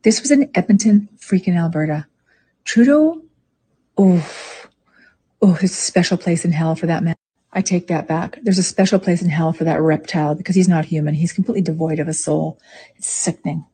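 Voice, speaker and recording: A woman's voice: lowish voice, fairly even intonation, a little fast, mellow, husky. A woman in heated casual chat, indignant, retelling a story in a rush. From Canada. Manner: indignant, retells stories breathlessly.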